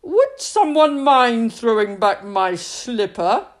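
A woman voicing a grumpy, reclusive old man in a storybook read-aloud, with loud, barking lines. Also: a little high, big pitch swings, slow, pitched above the performer's own voice. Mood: softened.

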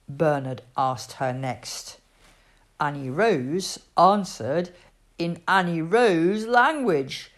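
A woman reading a children's storybook aloud, expressive and storytelling with voices for the figures. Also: sits low, slow pace, breathy edge. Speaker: storybook reader.

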